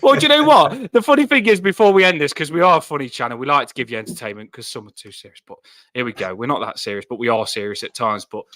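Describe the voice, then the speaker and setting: A man co-hosting a fan football channel, chatting casually with jokey, excitable banter. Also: medium pitch, quick pace, no echo.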